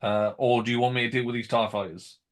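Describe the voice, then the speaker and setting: A man's voice: medium pitch, fairly even intonation. A man playing a tabletop game, speaking hesitantly with many fillers as he works out the rules. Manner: hesitant, deliberate. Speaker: player. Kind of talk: casual play chat.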